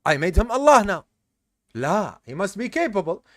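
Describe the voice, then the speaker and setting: Man, tired teacher, explains point by point, quizzes the class, high-pitched, dry close sound. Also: very animated, normal speed, fairly bright tone, no echo. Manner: explains step by step, quizzes the class, mixes in Arabic terms. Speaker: teacher of an Islamic study course. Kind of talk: classroom lesson. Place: live class session with students.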